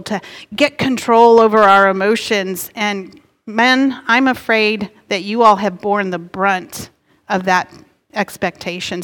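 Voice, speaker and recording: A middle-aged woman pastor preaching a sermon in an earnest, gently emphatic way. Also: medium pitch. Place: church sanctuary. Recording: long hall reverb.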